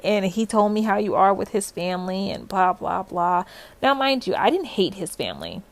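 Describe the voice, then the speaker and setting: A young adult woman telling her own story in a casual vlog, animated and full of "like" fillers. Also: mid-range voice, normal speed.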